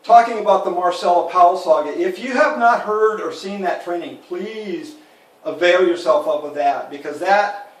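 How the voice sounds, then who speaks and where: Earnest higher-voiced man in echoey room. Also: moderate pace. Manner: earnest and candid, calls listeners "guys". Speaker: network marketing trainer. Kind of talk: recorded training talk. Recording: echoey room, mic at a distance.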